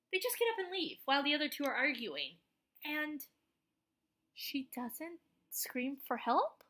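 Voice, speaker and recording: A woman vlogger ranting casually about an anime, exasperated, swearing freely, and now and then bursting into shouts. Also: high voice. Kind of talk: casual anime review rant.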